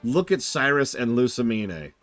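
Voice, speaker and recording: A man streaming a video game, giving animated, jokey and sarcastic casual commentary. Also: mid-range voice, moderate pace, faint music behind.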